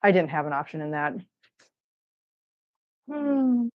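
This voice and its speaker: A woman's voice: deep voice, sing-song, slow pace, long pauses. Woman, from Missouri, rambling casual chat, cooing to pets, laptop mic, slightly dull sound. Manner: chatty, rambling, coos baby talk to her cats. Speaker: cat channel host. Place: home. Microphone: laptop microphone.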